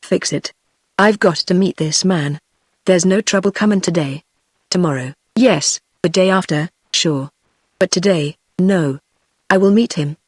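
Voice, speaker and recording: A man's voice: high-pitched, a little slow, dry recording. A text-to-speech voice reading the lines of a scheming male gang boss, dry and close. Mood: menacing. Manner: sly, taunting, then snarling. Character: smooth-talking male gang boss, mocking and menacing.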